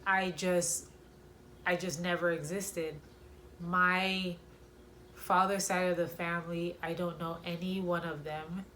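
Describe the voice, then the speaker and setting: Woman telling a personal story slowly. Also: lowish voice, fairly bright tone, a little hiss or hum. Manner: slow, reflective, with many pauses and fillers. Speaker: vlogger sharing a personal story.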